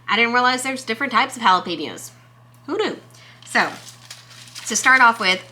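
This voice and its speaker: A young woman from Texas talks straight to her viewers in a casual gardening vlog. Her voice is bright and clear-edged, sitting at a middle pitch. She rambles cheerfully and pokes fun at herself as she goes. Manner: chatty, self-deprecating, excitable. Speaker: gardening vlogger. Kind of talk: casual chat to camera.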